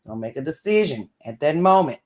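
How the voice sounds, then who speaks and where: A man co-hosting a casual chat show, telling relaxed stories about his own parenting. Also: a little high, brisk. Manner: relaxed, storytelling. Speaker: co-host.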